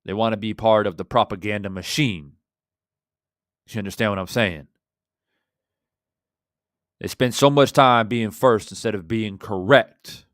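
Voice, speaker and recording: A man hosting a fan reaction channel, talking in an impassioned, rhetorical way that swings between loud and quiet. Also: on the low side, unhurried, pauses often, dry recording, studio quality. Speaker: boxing channel host.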